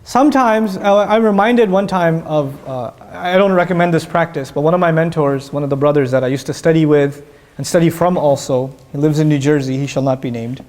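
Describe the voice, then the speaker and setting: Guy giving a quran talk, kinda high voice, tells stories, keeps asking the room questions. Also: a little fast. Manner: animated storytelling, asks the audience questions. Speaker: Islamic teacher. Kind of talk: lecture on Quran verses.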